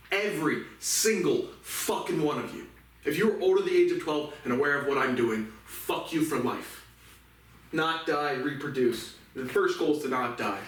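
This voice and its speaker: Angry ranting man, echoey distant mic. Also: a little high. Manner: profane, angry, scornful. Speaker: solo vlogger. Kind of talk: ranting monologue. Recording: very echoey room, mic far off.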